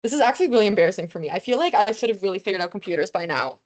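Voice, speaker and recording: A woman's voice: mid-range voice, expressive, rapid-fire, darkish tone. A young woman tutoring a review session over a video call, casual and self-deprecating as she explains formulas. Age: young adult. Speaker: student tutor. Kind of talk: online review lesson.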